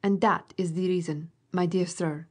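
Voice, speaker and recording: A pompous dinner guest , voiced by a woman narrator, lectures on state affairs in an edifying tone. The reading stays low and measured. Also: fairly even intonation, a little mellow, husky. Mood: lecturing.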